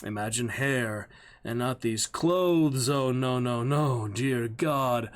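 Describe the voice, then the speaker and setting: Old travelling actor begging, earnest and a bit theatrical, a guy reading it in his normal voice, mid-pitched. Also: takes it slowly, close to an everyday voice. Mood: pleading. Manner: reads the lines in his own voice, earnest and theatrical. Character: aged male traveling stage player, pleading. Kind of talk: line rehearsal reading of a play script.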